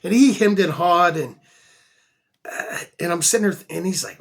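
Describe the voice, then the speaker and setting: A man's voice: a little high, normal speed. A man showing off his flea market finds in a casual vlog, enthusiastic and chatty, repeating words for emphasis. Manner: chatty storyteller. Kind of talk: casual show-and-tell vlog.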